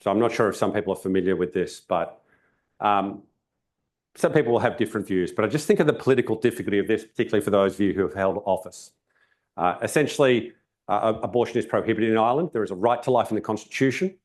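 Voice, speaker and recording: Casting note: Australian man, keynote speaker, lowish voice, conversational and emphatic. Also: fast, darkish tone. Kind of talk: public talk. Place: event venue.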